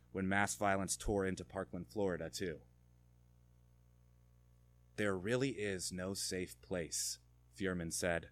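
A man preaching a sermon, moving between quiet reflection and fervent, rising emphasis. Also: fairly low pitch, no room sound. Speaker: pastor.

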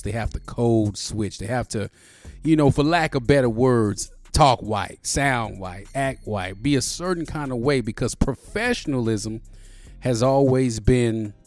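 Over a soft background beat, a man in his forties hosts his podcast in a casual monologue. His mid-range voice is recorded dry, and he's relaxed and foul-mouthed, leaning on "you know" constantly.

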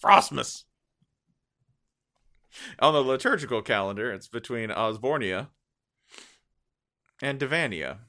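A man's voice: medium pitch, very animated, takes it slowly, long pauses, bright, forceful tone. A man co-hosting a sports podcast, joking in casual banter and laughing often. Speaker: podcast co-host.

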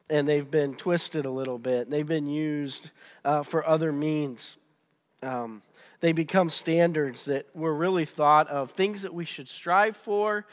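A man preaches to his congregation in a loose, conversational way, his voice sitting a little high. He stumbles and restarts often, pressing his points with animated energy. The sound rings with the long reverb of a large hall. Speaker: pastor. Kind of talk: sermon.

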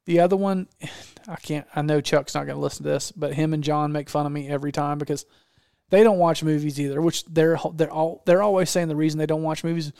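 A man's voice: on the high side, fairly even intonation, fairly quick, creaky, darkish tone, clean tone, dry recording, clean studio sound. A man hosting a casual chat, talking with enthusiasm and often restarting his sentences. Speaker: podcast host.

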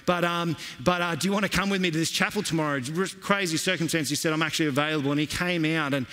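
A man preaching a sermon, telling stories in a lively, conversational way. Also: on the high side, quick pace. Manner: storytelling, animated and conversational. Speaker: pastor. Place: church hall. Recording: long reverb of a church hall.

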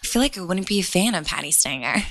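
A young woman co-hosting a casual podcast, talking in a chatty, upbeat way. Her voice is bright and a little tense, with a gravelly fry at the ends of phrases. She giggles easily between stories. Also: lowish voice, lively intonation, fast. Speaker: podcast co-host. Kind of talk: casual chat.

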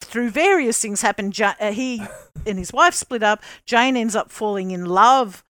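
A woman's voice: a little high, a little slow, a bit bright, no room sound. A woman co-hosting a podcast, chatting casually and explaining with lots of ums and restarts. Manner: chatty, explains with many fillers. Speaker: podcast co-host. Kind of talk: casual chat.

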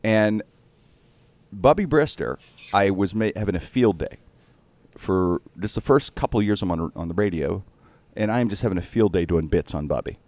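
A man, a radio host and impressionist, telling a story casually and animatedly, jumping way up in pitch on punchlines. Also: expressive, moderate pace, a little mellow, dry recording.

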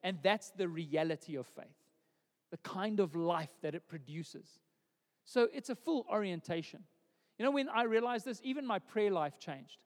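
A man's voice: high voice, in a large hall. A pastor preaching a sermon in a conversational way, repeating words as he builds each point.

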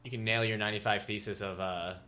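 A man's voice: on the low side, fairly even intonation, fast, bright, forceful tone. A man co-hosting a casual podcast, teasing his partner playfully and agreeing often. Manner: teasing, playful, says yeah a lot. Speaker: podcast co-host. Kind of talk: casual chat.

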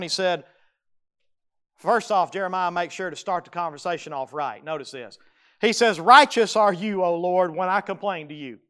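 A man's voice: high voice, a bit bright, clean tone. A man preaching a sermon. He speaks emphatically, repeats key phrases and adds folksy asides. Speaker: pastor.

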